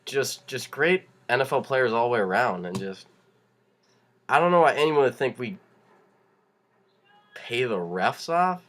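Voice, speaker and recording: A man's voice: mid-range voice, animated, unhurried, pauses often, a bit bright. A young man, ranting casually and laughing as he talks, full of restarts and rising heat. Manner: fired-up, laughing, rambling rant with restarts. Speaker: vlogger. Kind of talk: casual rant to camera.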